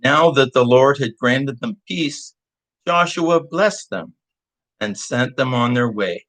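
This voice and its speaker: A man shares a church devotional at an unhurried pace. His voice sits at a middling pitch, heartfelt and a little hesitant, and he sounds like he is recovering from illness. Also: lively intonation, a bit bright, poor audio. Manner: slow, heartfelt, with hesitant restarts. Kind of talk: reading a devotional and praying.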